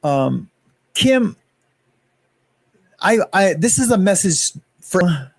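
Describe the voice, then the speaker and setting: A man's voice: sits high, sing-song, drawn-out words, creaky, no echo. A man hosting a casual livestream, rambling and greeting chat viewers by name. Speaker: livestream host.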